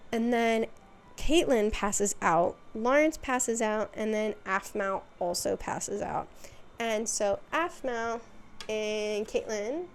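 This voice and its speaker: A woman's voice: fairly high pitch, slight background noise. A woman hosting a video, chatting through a casual, rambling recap with lots of fillers and asides. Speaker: video host.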